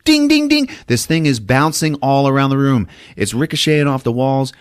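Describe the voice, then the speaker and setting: A man hosting a podcast, giving an animated comedic movie recap, laughing often and acting out scenes with sound effects. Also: medium pitch, a little fast, clear, resonant tone, no room sound, studio quality. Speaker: podcast host.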